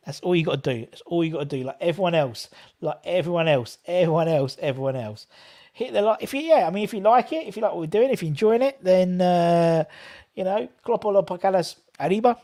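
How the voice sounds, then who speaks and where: A man's voice: a little high, mellow. A young man hosting a live football watchalong, chatting casually and reading out viewers' comments. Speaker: fan channel host.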